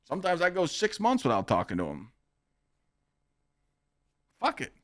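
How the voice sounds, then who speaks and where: A man's voice: a little high, huge pitch swings, moderate pace, a bit bright, no echo, studio quality. A young man hosting a casual streamed podcast, talking bluntly and profanely in a boastful, rambling pep talk. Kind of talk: casual livestream podcast chat. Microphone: streaming microphone.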